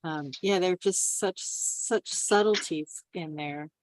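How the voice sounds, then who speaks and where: A woman's voice: fairly low pitch, takes it slowly, darkish tone, no room sound, low-quality recording. A woman musing thoughtfully in a casual group discussion, restarting phrases as she thinks. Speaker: table read participant.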